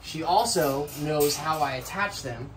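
A man's voice: fairly high pitch, a little slow, a bit bright, faint music behind, rough recording. A man chatting casually in a vlog, talking playfully to his pet birds in an outdoor enclosure. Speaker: bird owner and channel host.

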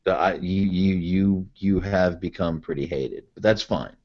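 A man's voice: sits low, a little slow. A man co-hosting a casual podcast, laid-back and agreeable, recapping events. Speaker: podcast co-host. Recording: muffled lo-fi podcast audio.

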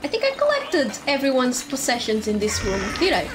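A woman streaming a video game in casual commentary, excitable, swearing and laughing often. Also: high voice, brisk. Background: game music.

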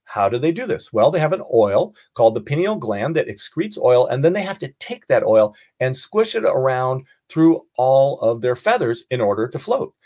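Middle-aged male naturalist for an online class; husky, animated, jokey, murmurs while he looks. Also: medium pitch, normal speed, few pauses. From California. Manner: playful, talks aloud while observing, mutters quietly. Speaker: naturalist teaching a birding class.

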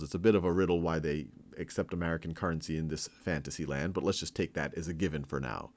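A man's voice: rumbling low, fairly even intonation, fast talker, hardly any pauses. A man teaching algebra in a casual, conversational way, narrating a whimsical story problem. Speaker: math teacher. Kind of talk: casual explanatory math lesson.

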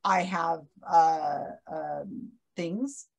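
A woman's voice: sits low, very slow, gravelly. A woman hosting an online trivia game, chatting casually and teasing, often hunting for words. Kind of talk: casual video-call chat.

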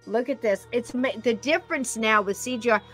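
A woman podcast host in casual chat, talking fast and gushing with enthusiasm. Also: a little high, fairly bright tone, faint music behind.

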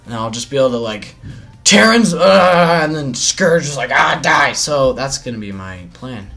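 Bright-voiced playful man commentating gameplay. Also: mid-range voice, lively intonation, normal speed, gravelly, soft background music. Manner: playful, chatty, talks to himself and to opponents. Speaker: mobile game channel host.

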